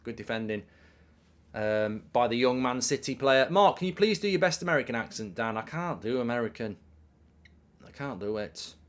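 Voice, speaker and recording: A man's voice: mid-range voice, expressive, moderate pace, fairly bright tone. Man chatting through a football watchalong. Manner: casual, chatty, reads out viewer messages. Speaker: host. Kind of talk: live football watchalong commentary.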